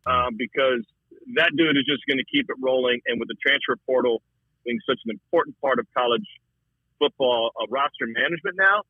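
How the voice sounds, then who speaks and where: A man talking about college football as a broadcaster guest, in a casual, animated way, often repeating words. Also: a little fast, gravelly, breathy edge, no echo. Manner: animated, repeats words, shifts pitch a lot. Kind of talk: casual sports talk. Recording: dry, thin phone-line sound.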